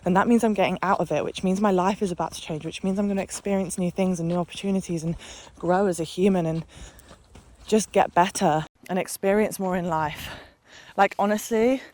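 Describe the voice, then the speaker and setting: A woman's voice: lowish voice, steady tone, fairly quick. A woman vlogger giving an earnest, passionate motivational talk to camera, with long run-on, repetitive sentences. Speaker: lifestyle vlogger. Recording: loud background noise.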